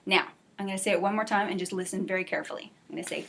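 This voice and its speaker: A woman teaching an English class for adult learners, speaking clearly and encouragingly, and modeling example sentences slowly. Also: mid-range voice, very noisy. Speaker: ESL teacher.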